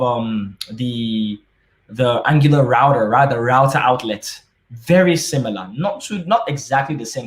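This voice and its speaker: A man presenting a conference tech talk, walking through code in a conversational way with frequent fillers and self-corrections. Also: mid-range voice. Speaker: conference speaker. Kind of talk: live-coding tech talk. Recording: roomy echo.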